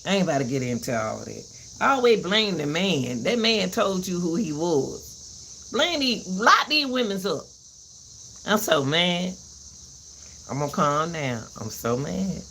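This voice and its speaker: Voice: mid-range voice, big pitch swings, measured pace, vocal fry, sharp tone, a little hiss or hum. A host giving a heated commentary rant, repeating herself and cursing as she vents. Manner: fiery, repeats herself, cusses.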